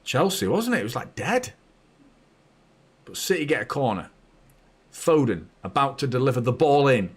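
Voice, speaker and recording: Brief: male football fan host, chatty, blunt, mid-pitched voice, erupts loudly at goals. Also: moderate pace, long pauses, husky. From north of England. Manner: chatty and blunt, bursting into excited shouts at goals. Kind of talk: live match watchalong commentary.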